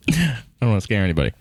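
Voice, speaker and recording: A man's voice: medium pitch, slight background noise. A young man hosting a comedy podcast in casual, rambling, profane chat, laughing often. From suburbs of Boston, US. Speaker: podcast host, stand-up comedian.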